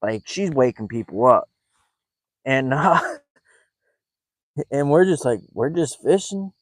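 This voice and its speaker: A man's voice: animated, takes it slowly, dry recording, poor audio. A man telling stories and joking while fishing from a boat on a lake at night, keeping his voice down. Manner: chatty, joking, keeps his voice low. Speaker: fishing vlogger. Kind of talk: casual storytelling while fishing.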